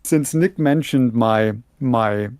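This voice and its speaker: A man from Germany with a Bavarian German accent, chatting casually as a podcast co-host, halting and restarting often. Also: mid-range voice, darkish tone, no room sound, clean studio sound. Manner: halting, many restarts and repeated words. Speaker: podcast co-host and audiobook narrator. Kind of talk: casual chat.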